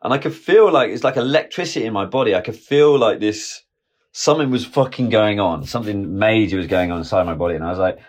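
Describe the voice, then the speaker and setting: Deep-ish guy in his 40s telling his story, swears a lot, really emphatic. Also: fast. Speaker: guest film director. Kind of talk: candid storytelling.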